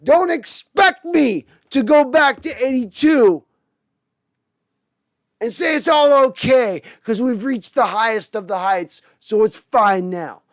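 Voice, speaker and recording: A man hosting a sports podcast, swearing and ranting, moving between heated shouting and low mumbling. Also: animated, slow pace, no room sound. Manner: profane, shifting from fiery shouting to low muttering. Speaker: podcast host.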